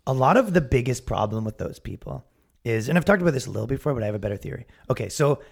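A man's voice: mid-range voice, expressive, rapid-fire, creaky, husky. A man hosting a casual comedy podcast, rambling and swearing, acting out quotes in sudden bursts. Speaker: podcast host.

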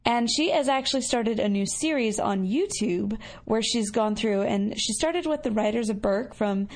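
A woman's voice: on the high side, moderate pace, darkish tone. A woman podcast host chatting casually in reply to listener voicemails, upbeat and full of fillers. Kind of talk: casual chat reading listener messages.

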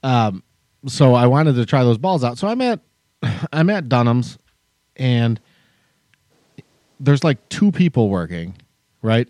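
A man's voice: medium pitch, darkish tone, no echo, studio quality. A man co-hosting a podcast, telling a long story as a heated, profane rant. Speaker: podcast co-host. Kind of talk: casual chat, storytelling rant.

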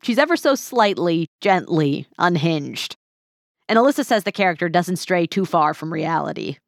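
Low-voiced woman podcast host. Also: animated, moderate pace, gravelly, no echo, studio quality. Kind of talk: scripted narration and interviewing.

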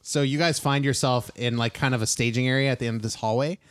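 A young man runs a tabletop game, narrating scenes with frequent ums and restarts. His voice sits at an ordinary middle pitch. The sound is dry and close. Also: steady tone, fast talker, clean tone, dry recording. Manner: hesitant, many ums and uhs. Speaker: game master.

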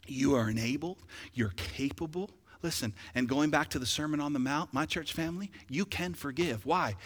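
A man's voice: mid-range voice, a bit bright, long reverb tail. A man preaching a sermon as pastor, building emphasis with rhetorical questions to his congregation. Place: church sanctuary.

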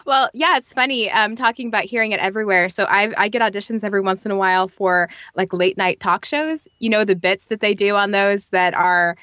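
A woman's voice: medium pitch, fairly quick, hardly any pauses, no echo, studio quality. A woman with a Midwestern accent, a voice-over artist and teacher, explaining her work in a casual interview. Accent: Midwestern American. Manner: relaxed, explanatory, chatty.

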